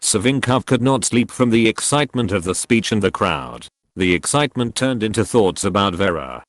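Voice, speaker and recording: A man narrating a historical audiobook in a measured, expressive storytelling manner, recorded close up in a booth. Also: on the low side, dry recording. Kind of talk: scripted narration.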